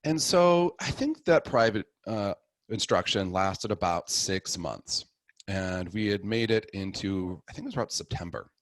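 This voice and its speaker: Lively low-voiced man telling a story. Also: measured pace, dry recording. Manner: animated, acts out the dialogue in his story. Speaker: guest sharing his conversion story. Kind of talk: casual storytelling.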